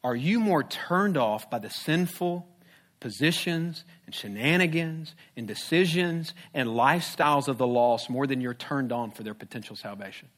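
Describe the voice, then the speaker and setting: A man's voice: mid-range voice, expressive, normal speed, a bit bright. A man preaching a sermon as a pastor, conversational and humorous, with rhetorical questions.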